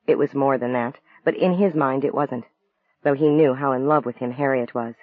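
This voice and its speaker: A man narrating an audiobook novel in a calm, even storytelling voice. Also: mid-range voice, moderate pace. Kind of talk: scripted narration. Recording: dry, tinny phone-like sound.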